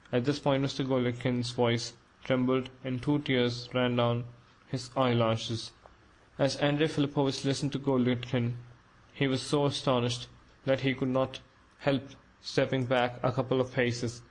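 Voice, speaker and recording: Man, audiobook narration, measured, even, monotone. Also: medium pitch, poor audio.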